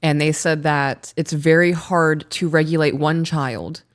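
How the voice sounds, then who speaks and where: Animated woman telling a story. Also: sits low, measured pace. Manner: animated, laughs while telling stories. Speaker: podcast co-host. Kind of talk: casual storytelling chat.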